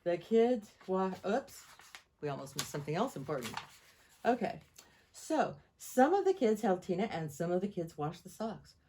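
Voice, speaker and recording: Woman, storyteller, lively sing-song reading, lower voice, faint room ambience. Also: moderate pace, slight background noise. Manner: sing-song, playful repetition. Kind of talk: reading a children's story aloud.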